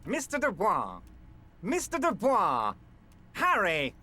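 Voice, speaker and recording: An actor playing a smug, jovial middle-aged union boss in a video game, speaking in an oily, patronizing and overly friendly way. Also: male voice, high voice, wildly swooping pitch, slow, sharp tone, exaggerated voice.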